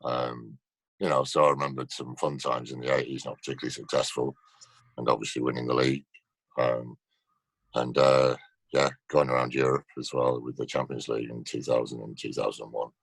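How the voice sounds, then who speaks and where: A man's voice: very deep voice, level tone, brisk, slightly rough, dry recording. A man telling stories in a casual interview over a video call, laughing often. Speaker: actor guest.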